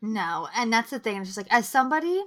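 Young woman, podcast co-host, bright forceful voice, lively and sweary, acts out quotes. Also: on the high side, fast. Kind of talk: casual chat.

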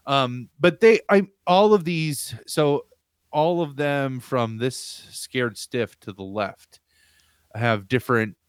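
A man in casual chat, telling an animated, rambling story from his home on a video call. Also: mid-range voice, slow, clean tone, no echo, studio quality. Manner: animated, rambling, laughs while telling stories. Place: home room with pinball machines.

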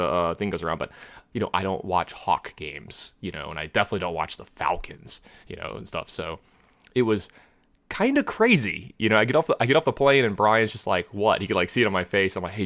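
Casting: man, lowish voice, quick rambly storyteller, dry close sound. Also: no echo. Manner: rambling, heavy filler words, animated retelling. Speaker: podcast co-host telling a story. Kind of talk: casual chat, storytelling.

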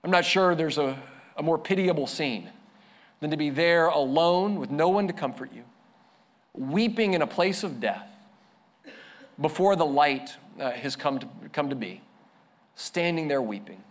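Guy pastor preaching a sermon, earnest, slightly high voice, goes slow and soft on the big points. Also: expressive. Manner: earnest preaching, slows and softens for emphasis.

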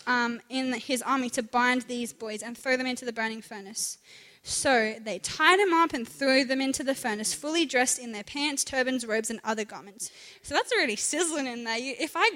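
Young woman, youth speaker, high-pitched and chatty, caught in a reverberant hall. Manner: chatty, animated, acts out voices. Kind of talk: casual youth talk on scripture. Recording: echoey hall.

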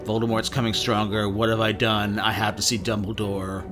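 A man voicing a frantic, half-mad older male official, muttering urgently in a low, quiet voice. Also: flat delivery, moderate pace, over music, natural voice.

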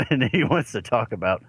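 A man's voice: mid-range voice, big pitch swings, unhurried, a bit bright, breathy edge, dry recording. A man playing a tabletop role-playing game, speaking in character with a sarcastic edge and frequent laughter. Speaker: player.

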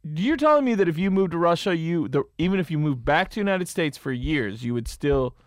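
A young man co-hosting a podcast in casual chat, animated, ranting and teasing his friend. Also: on the high side, dry recording, studio quality. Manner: animated, quick to rant and tease. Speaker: podcast co-host.

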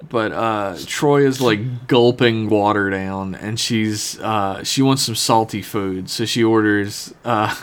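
A man's voice: fairly low pitch, fairly even intonation, takes it slowly, hardly any pauses, smooth. Young man rambling through a crude recap. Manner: profane, rambling retelling with filler. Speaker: podcast co-host. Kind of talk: casual comedic recap chat.

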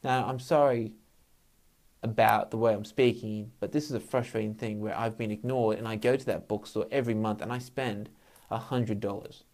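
A man's voice: on the low side, steady tone, moderate pace, darkish tone. A man talking casually on his own show, frank and full of swearing, venting his frustration. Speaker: podcast host. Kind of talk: casual solo monologue.

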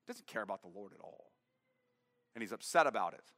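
Bright-voiced preacher in a reverberant church. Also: male voice, on the high side, very animated, fast talker. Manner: reads scripture then explains it plainly. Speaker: pastor. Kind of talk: sermon.

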